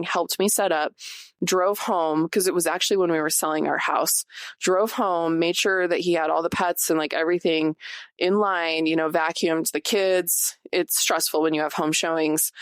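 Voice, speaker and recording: A woman's voice: deep voice, no room sound, studio quality. A woman in her forties hosting a podcast, talking casually and confessionally to her listeners with lots of fillers. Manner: chatty, many "like" fillers, confessional. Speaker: podcast host. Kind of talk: casual personal talk to listeners.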